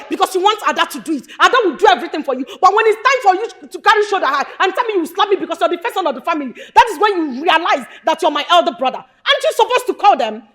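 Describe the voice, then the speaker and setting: An actress with a Nigerian accent playing a fiery grown daughter who scolds her family after her father's death. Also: extremely high pitch. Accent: Nigerian English. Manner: scolding, sharp, rapid accusations. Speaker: actor. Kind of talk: Nollywood film acting.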